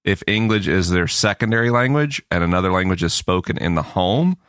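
A man from the Florida Panhandle speaking as a podcast guest, deadpan in casual chat. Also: sits low, brisk, clean tone, no echo, studio quality.

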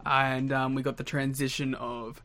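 A man's voice: medium pitch, little pitch movement, a bit bright, a little hiss or hum. A man co-hosting a podcast, chatting casually, playfully arguing and joking with his partner. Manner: playful, quick to argue and joke. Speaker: podcast co-host. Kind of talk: casual chat.

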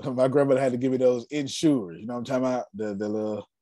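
A man in his forties talks business in a loose, storytelling way, repeating key points for emphasis and laughing often. His voice sits at a middle pitch. The sound is dry and close. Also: steady tone, quick pace, warm tone, no echo. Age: 40s. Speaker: host. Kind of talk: casual business talk.

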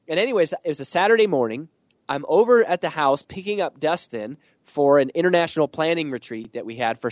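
A man guest on a podcast, answering in an animated storytelling way, building his points in rhythmic lists. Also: mid-range voice, no echo, studio quality. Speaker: podcast guest, author and speaker.

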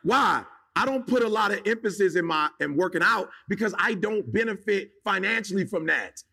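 A man's voice: sits high, animated, normal speed, vocal fry, sharp tone, husky. A man giving a motivational talk in an emphatic, casual, slangy way, firing off rhetorical questions at his listeners. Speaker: motivational speaker.

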